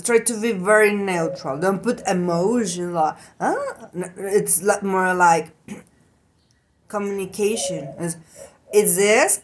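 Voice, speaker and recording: Woman, very slow pace, halting casual monologue. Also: mid-range voice. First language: Spanish. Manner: halting, searching for English words.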